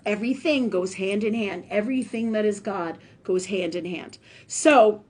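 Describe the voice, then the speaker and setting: A woman's voice: medium pitch, normal speed. A woman in her fifties hosting a live spiritual talk stream, ranting angrily and emphatically with a lot of profanity, often acting out what others said. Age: 50s. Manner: quotes others in animated retellings.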